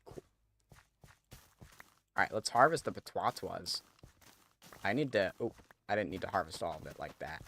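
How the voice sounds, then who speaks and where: A man's voice: sits low, expressive, normal speed, gravelly, long pauses, fairly bright tone, breathy edge. A man streaming a game, chatting casually to viewers as he thinks aloud and corrects himself. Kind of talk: casual gameplay commentary.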